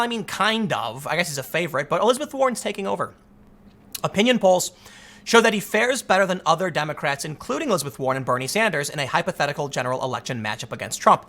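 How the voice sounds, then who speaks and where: Male commentator, tired and fed up, rambling with restarts, bright edge to the voice. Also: high voice. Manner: exasperated, rambling, frequent restarts. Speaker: political commentator. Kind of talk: casual political commentary.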